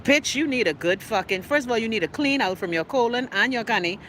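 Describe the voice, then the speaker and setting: A woman's voice: a little high, expressive, fast talker, a little hiss or hum. Brash Bahamian woman ranting on a live stream. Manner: brash, profane and loud, teasing her viewers by name. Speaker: host of a live talk show. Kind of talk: casual live-stream rant.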